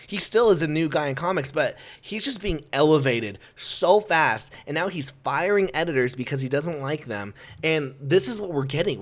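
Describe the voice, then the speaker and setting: A young man giving casual commentary as a comic book reviewer, ranting in an exasperated, animated way. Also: fairly high pitch.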